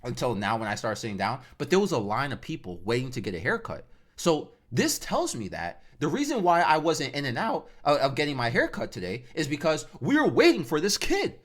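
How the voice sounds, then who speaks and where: A man telling a casual storytime rant, slangy and animated, acting out the sounds he describes. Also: a little fast. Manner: animated, acts out sounds and jumps between high and low pitch; slangy and conversational. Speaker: vlogger.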